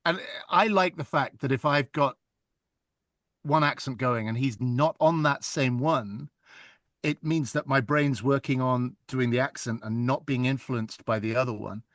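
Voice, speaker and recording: A man, an audiobook narrator chatting in an interview, telling stories in a lively, animated way. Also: medium pitch, unhurried, dry recording, clean studio sound. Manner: chatty, animated storytelling with laughs. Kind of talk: casual interview chat.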